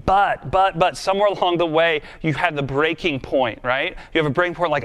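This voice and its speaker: A man's voice: on the high side, quick pace, a bit bright. A man preaching a sermon in a conversational, earnest and self-deprecating way, then leading a prayer. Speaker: pastor.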